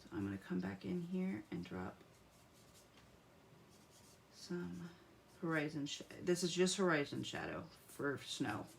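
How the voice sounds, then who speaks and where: Woman, lowish voice, live craft tutorial host, chatty, mutters to herself, faint pen scratching behind. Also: very animated, a little slow, creaky, long pauses, a little hiss or hum. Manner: chatty, talks to herself while coloring, drops to mutters. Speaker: craft demonstrator.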